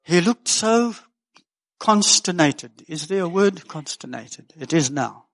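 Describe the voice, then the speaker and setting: A man's voice: on the high side, expressive, takes it slowly, long pauses, a bit bright. An older man preaching a sermon as pastor, folksy and earnest with joking asides.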